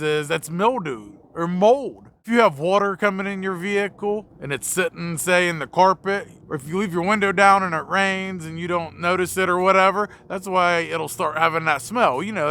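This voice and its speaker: A man's voice: high voice, sharp tone. A young man, a mobile mechanic, telling a blunt, profane story in a casual vlog.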